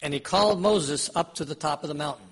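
A man's voice: a little high, quick pace, husky. A man preaching a sermon, retelling scripture in everyday words and putting questions to his listeners in a conversational way. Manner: conversational, asks the audience questions.

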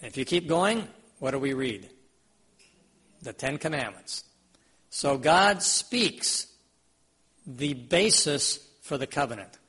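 A man's voice: medium pitch, animated, slow, pauses often, fairly bright tone, slightly rough. A man preaching a sermon, retelling scripture in everyday words and putting questions to his listeners in a conversational way. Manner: conversational, asks the audience questions.

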